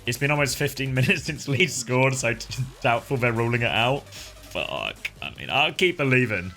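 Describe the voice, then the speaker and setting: A man's voice: mid-range voice, animated, normal speed, gravelly, sharp tone, soft background music. A man co-casting an esports match in casual chat, laughing often and swearing casually. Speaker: esports co-caster.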